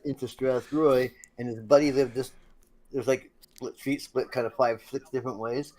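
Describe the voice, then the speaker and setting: A man's voice: mid-range voice, steady tone, moderate pace, darkish tone. A man in his fifties telling a funny road-trip story in casual chat, swearing and laughing along the way. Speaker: streamer telling stories.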